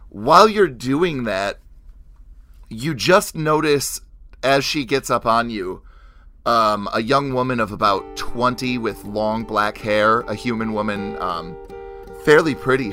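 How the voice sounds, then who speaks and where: A man's voice: mid-range voice, pushed and bright, no room sound. A man narrating as game master for a tabletop game, casual and full of fillers. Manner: casual, laughing, hesitant fillers.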